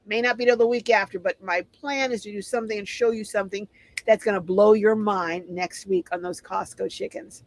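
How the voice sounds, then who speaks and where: A woman's voice: mid-range voice, steady tone, fairly quick, low-quality recording. A middle-aged woman hosting a casual livestream, reading viewer comments aloud and answering them in a chatty way. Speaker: live stream host.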